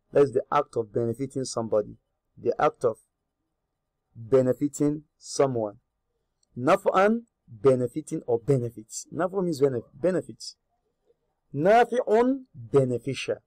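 A man teaching a grammar lesson. He repeats each word slowly, gives its English meaning and asks the learner questions. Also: medium pitch, a little mellow, dry recording. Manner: repeats Arabic words slowly, then glosses them in English. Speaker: Arabic teacher.

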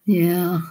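A woman's voice: lowish voice, warm tone. Giggly woman chatting while coloring. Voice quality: giggly, playful, breaks into silly voices. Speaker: coloring channel host. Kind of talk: casual chat while coloring.

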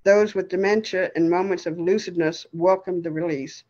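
A woman storyteller reading a story aloud in a steady, expressive way. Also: lowish voice, normal speed, dull audio.

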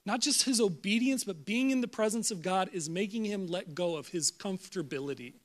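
Male pastor with a high voice, playful sermon delivery that acts out characters. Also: a little fast. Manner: animated, jokey, acts out Bible voices with laughs. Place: church service.

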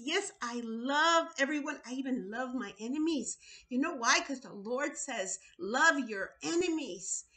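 A woman's voice: high-pitched, sharp tone. A woman preaching in a video sermon, urgent and pleading, often repeating her words.

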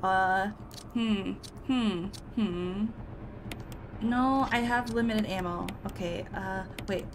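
A woman's voice: mid-range voice, very slow, noisy background. A woman giving casual let's-play commentary, talking to herself and letting out frightened yelps.

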